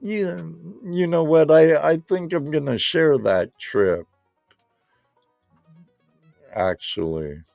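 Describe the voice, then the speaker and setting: This man's voice is a little high and darkish, slow-paced with vocal fry and frequent pauses. He's a Southern Californian live show host chatting casually and rambling in a laid-back way directly to viewers. There's soft background music and no echo.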